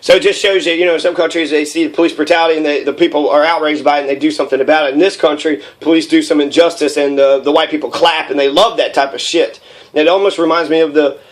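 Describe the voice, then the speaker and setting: Young man, angry rambling rant, lots of swearing, fairly high voice. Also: fairly even intonation, fast talker. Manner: heated, profane, rambling with many fillers. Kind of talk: profane political rant.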